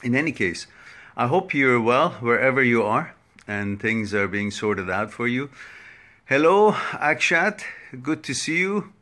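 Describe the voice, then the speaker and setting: A man of middle pitch hosts a live online talk at a very slow, deliberate pace. He greets viewers one by one by name and stumbles over the harder names. His tone stays casual and chatty throughout. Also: animated, sharp tone. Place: home setup for a social media live stream.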